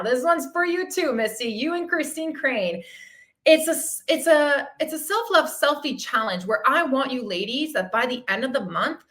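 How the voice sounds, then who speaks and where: A woman's voice: fairly high pitch, pushed and bright. A woman fitness coach hosting a casual livestream chat, effusive and emotional, laughing often and swearing freely. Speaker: fitness coach and podcast host.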